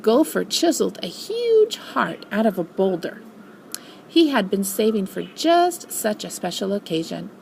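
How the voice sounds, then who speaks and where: An older woman, a grandmother, reading a storybook aloud in an expressive, animated way. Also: medium pitch, measured pace, vocal fry, slight background noise, rough recording.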